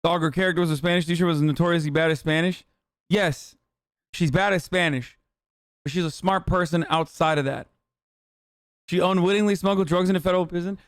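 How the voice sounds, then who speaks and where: A man in his thirties hosting a livestream, reacting to news clips with sarcastic, profane, animated commentary. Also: high-pitched, a little fast, long pauses, smooth, no room sound, studio quality. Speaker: streamer host.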